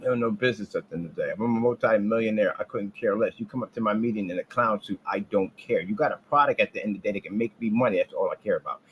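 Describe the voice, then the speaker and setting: A man delivering a rambling, boastful trash-talk rant about his business, taunting rivals and jumping from low mutters to loud outbursts. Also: rapid-fire, hardly any pauses, lo-fi sound, a little hiss or hum. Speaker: business owner ranting on his channel.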